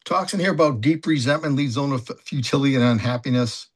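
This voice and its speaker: An older man speaks candidly about his past, working through a personal inventory out loud. His delivery is halting and unpolished, full of fillers and restarted phrases. His voice sits at an ordinary middle pitch for a man. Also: breathy edge. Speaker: recovery sponsor and coach. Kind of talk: personal testimony, casual and confessional.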